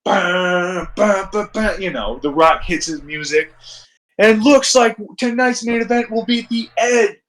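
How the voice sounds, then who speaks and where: Hyped male gamer commentator, fairly high voice, profane and playful. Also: unhurried. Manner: excitable, profane trash talk. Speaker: gameplay commentator. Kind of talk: casual gameplay commentary.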